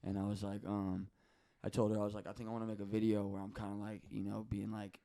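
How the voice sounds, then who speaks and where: Twenties male podcast guest, low and gravelly, clear, casual storyteller, animated, curses, does the other voices. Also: fast talker. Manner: animated, swears often, acts out quoted voices.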